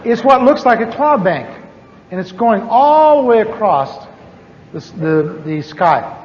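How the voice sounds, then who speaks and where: A preacher telling a personal testimony in a sermon, animated and chuckling, repeating his words for effect. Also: high voice, a little slow, slight background noise. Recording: dull lo-fi audio with long hall reverb.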